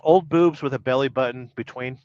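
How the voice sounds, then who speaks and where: A man's voice: medium pitch, a little fast, a little mellow, no echo. Middle-aged man, casual livestream host, wry and rambling, teasing his chat, dry dull lo-fi sound. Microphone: podcast-style audio only. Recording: dull lo-fi dry stream audio.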